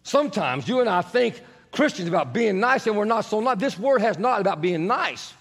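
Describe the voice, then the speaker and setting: A man preaching a sermon as pastor, animated and asking the congregation questions, sometimes rising to shouts. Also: high-pitched, normal speed, creaky, breathy edge. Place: church sanctuary. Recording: long church reverb.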